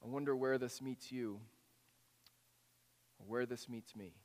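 A man preaching a sermon, telling a story with drama, dropping to a hush and then rising to act out voices. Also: medium pitch, measured pace, long reverb tail. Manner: dramatic storytelling, drops to a hushed voice then rises to animated acted-out lines. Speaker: pastor.

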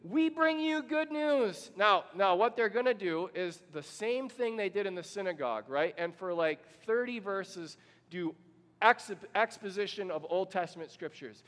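A man's voice: high voice, moderate pace, a bit bright, big-room sound. A man pastor preaching a sermon, telling the story and asking the congregation questions.

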